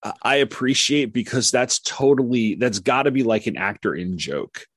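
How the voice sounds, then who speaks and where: A man's voice: medium pitch, moderate pace, husky, no echo. A man co-hosting a casual podcast about a sitcom, rambling with many restarts and fillers. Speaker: podcast co-host.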